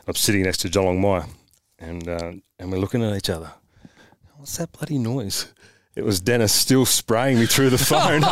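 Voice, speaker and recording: An Australian man, a former footballer, telling blunt, animated stories as a podcast guest with mild swearing. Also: mid-range voice, smooth, no echo, clean studio sound. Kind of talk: casual storytelling chat.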